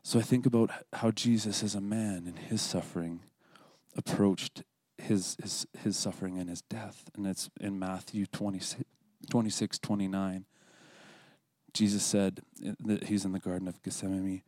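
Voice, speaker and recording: A man's voice: deep voice, flat delivery, normal speed, dark tone, no room sound. A man giving an earnest, scripted devotional talk at a church service, sometimes dropping to a whisper for prayers. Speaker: lay speaker at a church service.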